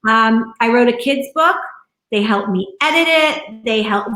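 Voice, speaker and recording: A woman's voice: a little high, lively intonation, measured pace, pushed and bright, roomy sound. A middle-aged woman talking earnestly in an interview, rambling with many fillers from her home. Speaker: interview guest. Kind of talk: casual conversational interview. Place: room at home.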